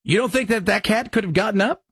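A man's voice: sits high, quick pace, vocal fry, a bit bright, husky, dry recording. A man hosting a talk radio show, rambling conversationally between topics and reading sponsor spots himself. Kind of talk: casual radio talk and live reads.

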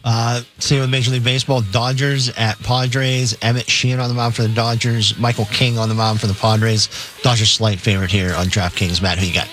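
A man's voice: mid-range voice, flat delivery, brisk, a bit bright, soft background music. A man on sports radio reading out games and betting lines in a plain, matter-of-fact way.

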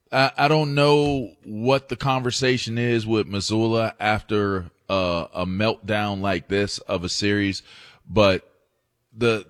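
A low-voiced man in casual sports chat, speaking slowly and emphatically as he works through his point. The sound is dry and close to the mic. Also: no room sound. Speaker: sports talk co-host.

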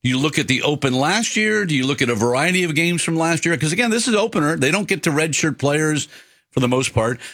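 A man's voice: a little high, animated, fast, a bit bright, no echo. A man hosting a casual radio interview, rambling through his questions with stops and restarts. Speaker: radio show host.

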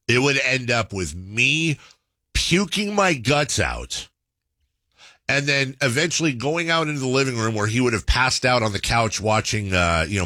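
A man on a podcast tells a story in a loose, rambling way and keeps stopping to correct himself. His voice is bright and lively, with wide swings in pitch. The studio sound is dry and close. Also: no echo. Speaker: podcast host. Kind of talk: casual storytelling chat.

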